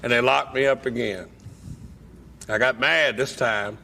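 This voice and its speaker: Man, gravelly, bright tone, unhurried, deadpan humor. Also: mid-range voice, slight background noise. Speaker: speaker at a recovery meeting. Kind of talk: humorous personal storytelling.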